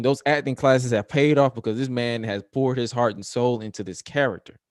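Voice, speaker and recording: Guy retelling a wrestling match all animated, does little voices, dry close sound. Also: medium pitch, a little fast, few pauses, dry recording. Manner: acts out scenes with exaggerated quoted voices. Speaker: wrestling show co-host. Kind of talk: animated casual recap.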